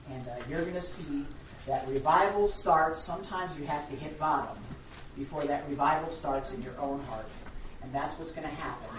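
A woman pastor preaching a sermon in a rambling, chatty way, with sudden loud emphasis. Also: deep voice, a little hiss or hum. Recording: echoey hall, distant dull mic.

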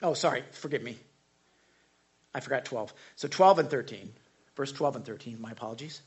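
A man preaching a sermon in a relaxed, conversational way, breaking into animated asides as he acts out quotes. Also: medium pitch, moderate pace, long pauses. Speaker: pastor.

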